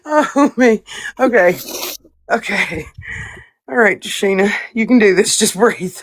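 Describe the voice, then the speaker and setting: A woman's voice: medium pitch, slow pace, no echo. A woman in a casual group chat, out of breath from laughing helplessly.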